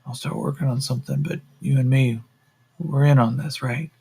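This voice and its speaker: A man voicing a blunt, determined captive fighter who talks low and urgently, with a lot of swearing. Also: steady tone, normal speed, gravelly, mellow, a little hiss or hum, natural voice.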